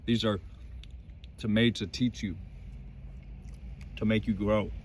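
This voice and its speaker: A man's voice: fairly low pitch, level tone, slow pace, slight background noise. A man vlogging from inside his van in the mountains, giving casual motivational faith talk in an intense, emphatic way and swearing freely.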